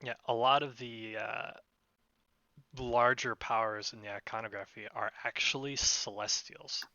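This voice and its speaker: Hesitant game master man, bright voice. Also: medium pitch, steady tone, a little slow, dry recording, lo-fi sound. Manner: hesitant, many fillers. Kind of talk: narrating a tabletop game.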